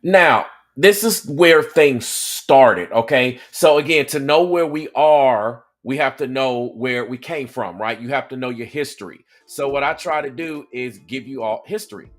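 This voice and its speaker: A man's voice: medium pitch, a little slow, few pauses. A man from Atlanta with a Southern accent, hosting a reaction video in a chatty, explaining way, often checking in with the audience. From Atlanta, Georgia. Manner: conversational, checks in with "okay?" and "right?". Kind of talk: casual commentary.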